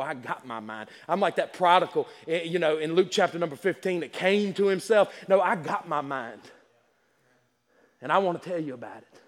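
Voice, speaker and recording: A man preaching a sermon in a folksy, emphatic way, full of stammering restarts. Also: a little high. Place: church sanctuary. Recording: long hall reverb.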